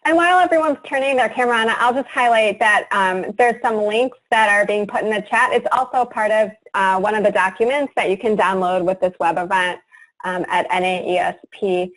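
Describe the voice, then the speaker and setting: A woman's voice: medium pitch, fairly quick, a bit bright, rough recording. A woman hosting an online webinar, making announcements in a conversational way with frequent fillers. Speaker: webinar host.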